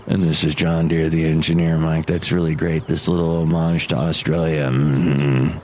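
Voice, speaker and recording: A man voicing a gruff male engineer in a low, booming voice. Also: level tone, normal speed, a little mellow, slight background noise. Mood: approving. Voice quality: deep, booming.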